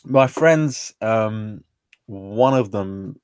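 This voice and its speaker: A man's voice: lowish voice, drawn-out words, a little mellow, clear, resonant tone, dry recording, studio quality. A man, a guest telling stories in a casual, slangy way full of fillers. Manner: chatty, informal, peppered with slang and fillers. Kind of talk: casual storytelling conversation.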